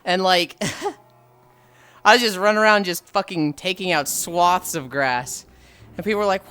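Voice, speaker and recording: A man's voice: a little high, measured pace, bright, forceful tone, clear, resonant tone. A man streaming while walking, chatting casually, rambling with frequent sighs and casual swearing. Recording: faint music behind.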